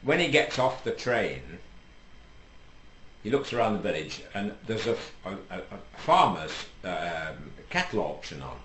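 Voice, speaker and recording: A man's voice: deep voice, big pitch swings, a little slow, fairly bright tone. A British man telling a long comic shaggy-dog story on stage, rambling with many ums and restarts. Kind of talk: stand-up joke telling. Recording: echoey room, faint noise.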